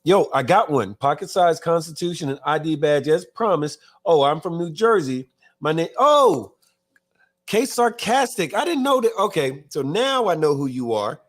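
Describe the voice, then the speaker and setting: A man's voice: a little high, big pitch swings, normal speed. A man hosting a live talk show in casual chat, reading viewer comments aloud and often stumbling and restarting his words. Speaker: podcast host.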